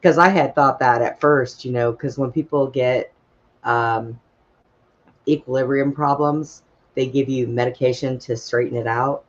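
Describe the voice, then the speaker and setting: A man's voice: mid-range voice, fairly even intonation, unhurried, highs cut off. A man telling casual personal stories at an open mic, blunt and folksy, with casual swearing.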